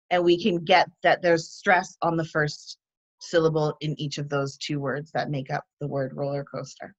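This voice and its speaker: A woman instructor giving a demo lesson on teaching vocabulary, explaining each step clearly and patiently. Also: on the low side, a bit bright, lo-fi sound. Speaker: TESOL instructor.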